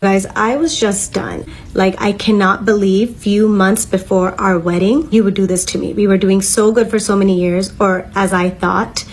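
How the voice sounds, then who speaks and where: A woman's voice: medium pitch, steady tone, normal speed, poor audio. A young woman vlogger telling a candid, emotional story in a casual storytime while getting ready. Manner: candid, heated and emotional retelling.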